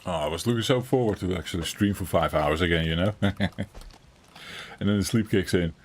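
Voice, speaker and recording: A man's voice: low-pitched, a little fast, slight background noise. A tired, yawning man giving casual commentary while streaming a game from home, rambling and laughing often. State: sleepy, yawning.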